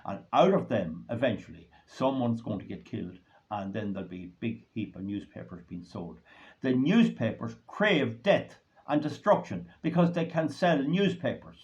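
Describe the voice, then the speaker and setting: A man's voice: mid-range voice, animated, moderate pace, a little mellow. An Irish man hosting his own channel, delivering a rambling, indignant solo monologue that grows heated. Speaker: host of a commentary channel. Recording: dull lo-fi recording.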